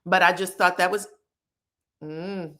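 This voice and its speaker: A woman's voice: on the low side, fairly even intonation, unhurried, pushed and bright. A woman giving sassy, chatty commentary on reality TV gossip, talking straight to her viewers. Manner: sassy, chatty, calls viewers "child" and "girl". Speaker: pop culture commentator.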